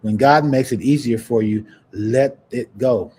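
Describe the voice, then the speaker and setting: A man hosting a podcast, chatting casually and preaching encouragement in a warm, churchy way. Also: medium pitch, a little slow, slightly rough. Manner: warm, churchy, breaks into laughs and sing-song. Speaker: podcast host. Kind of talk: casual livestream chat, preachy sign-off.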